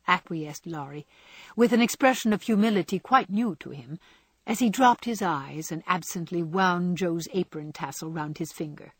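A woman reading a classic novel aloud with measured, expressive storytelling. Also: lowish voice, breathy edge, dry recording. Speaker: audiobook narrator.

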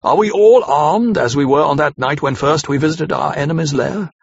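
A man's voice: fairly high pitch, normal speed, vocal fry, slightly rough, no echo. A man voicing an elderly, learned professor who talks in a solemn, emphatic, old-fashioned way, on a slightly muffled dry recording. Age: older.

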